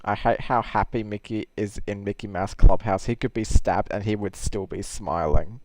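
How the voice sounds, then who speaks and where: During a livestream Q&A, a man hosts a casual chat with a friend, laughing easily and sounding quick and animated. His voice is fairly low, with no room sound.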